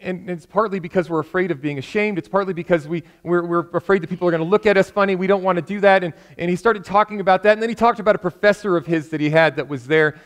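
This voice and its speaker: A man's voice: high voice, quick pace, few pauses. A man preaching a sermon in a church, telling a story earnestly and building to impassioned appeals, with frequent restarts.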